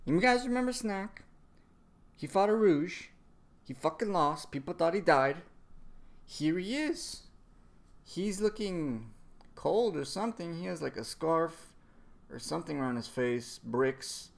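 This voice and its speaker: A man's voice: on the high side, expressive, measured pace, creaky, pauses often. A man casually recapping a comic chapter, rambling, cursing a lot and trailing off into fillers. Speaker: manga reviewer.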